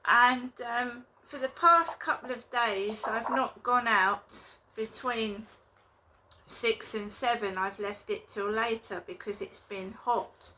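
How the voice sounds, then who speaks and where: A woman talking casually to her viewers in a rambling, indignant way, recording a vlog in her flat. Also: a little high, slow, a little hiss or hum. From England. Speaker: vlogger. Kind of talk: casual vlog talk to camera.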